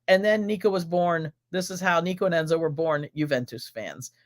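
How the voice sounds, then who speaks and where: A woman's voice: fairly low pitch, a little fast. Exuberant American woman chatting live. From United States. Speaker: host of a live stream. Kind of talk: casual live-stream Q&A.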